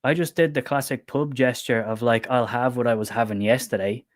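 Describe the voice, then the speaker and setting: A man's voice: medium pitch, brisk. Irish guy from dublin, livestream chat, lots of laughing, swears a bit. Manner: lively storytelling, laughs often, swears casually. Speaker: book channel co-host.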